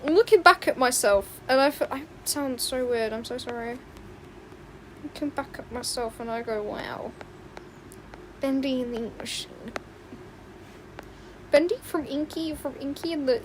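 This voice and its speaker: A young woman chatting on a livestream while she draws, excitable and rambling, often squealing and laughing. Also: high voice, a little slow, pauses often, a little hiss or hum. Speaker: livestreaming artist. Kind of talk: casual stream chat while drawing. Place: home room with open window.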